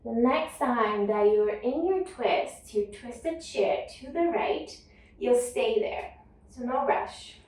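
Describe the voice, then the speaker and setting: A woman teaching a yoga class, calmly cueing each breath and movement. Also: a little high, takes it slowly, heavy reverb, distant mic, poor audio. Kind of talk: guided yoga class instruction.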